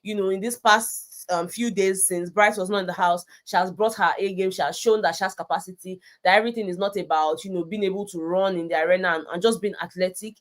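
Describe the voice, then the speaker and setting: A woman's voice: medium pitch, quick pace, hardly any pauses. Chatty Nigerian woman vlogger. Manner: chatty, animated, slips into Pidgin, many "you know"s. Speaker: reality show recap vlogger. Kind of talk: casual chat recap.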